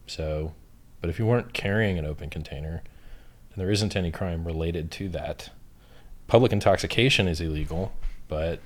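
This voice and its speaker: A man's voice: low voice, a little hiss or hum. A man as an interview guest, talking bluntly and profanely in a matter-of-fact way. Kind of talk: casual chat.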